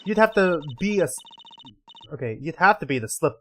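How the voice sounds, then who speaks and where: A man voicing a smug, scheming female card-sharp dealer in a video game, with slow, drawn-out tough talk. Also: on the high side, expressive, slight background noise.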